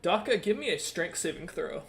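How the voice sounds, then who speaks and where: A man's voice: sits high, animated, moderate pace, a bit bright, slight background noise. A man running a tabletop game as game master, narrating casually with many hesitations.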